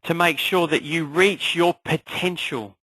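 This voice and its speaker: A man coaching an online class in an energetic motivational style, firing off rhetorical questions. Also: a little high, measured pace, breathy edge, no room sound, poor audio. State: clearing a frog in his throat. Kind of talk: motivational live class talk.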